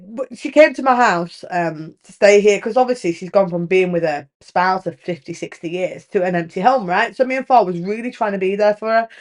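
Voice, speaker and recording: A woman in her thirties with a British accent, hosting a podcast in frank, animated casual chat, swearing freely and acting out what others say. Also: a little high. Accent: British English. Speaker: podcast host.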